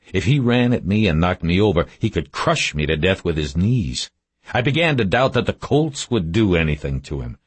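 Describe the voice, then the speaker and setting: A man reading a first-person story aloud in a terse, measured, low-key way. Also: slightly rough, no room sound. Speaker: audiobook narrator. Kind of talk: scripted first-person narration.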